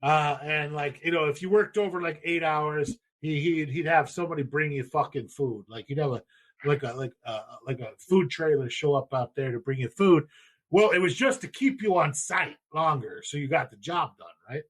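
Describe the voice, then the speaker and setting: A man's voice: on the high side, moderate pace. Profane rambling storyteller man. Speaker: podcast host. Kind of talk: casual storytelling.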